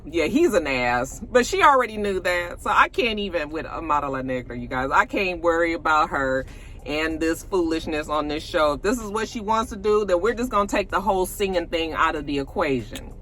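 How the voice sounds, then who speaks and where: A woman's voice: fairly low pitch, brisk, a little hiss or hum. A woman reviewing a reality show in a casual, opinionated vlog recap, talking straight to her viewers. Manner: animated, opinionated, direct address. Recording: music in background.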